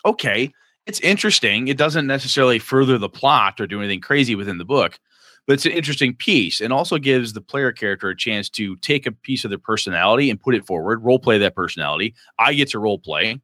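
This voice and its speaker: A man co-hosting a casual chat about running tabletop games, animated and slipping into quick character voices. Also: mid-range voice, dry recording, clean studio sound. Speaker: game master podcast co-host.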